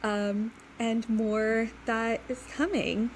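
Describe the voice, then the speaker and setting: A woman's voice: on the high side, fairly even intonation, extremely slow, a little hiss or hum, rough recording. A young woman hosting a casual interview, chatty and upbeat, heavily pregnant. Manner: chatty, upbeat, frequent "like" and "mm-hmm". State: heavily pregnant, due today. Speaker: podcast host.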